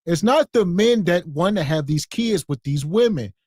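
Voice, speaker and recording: Podcast co-host, man, a bit high-pitched, blunt and scornful. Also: animated, moderate pace, a little mellow, dry recording, studio quality. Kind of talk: casual commentary.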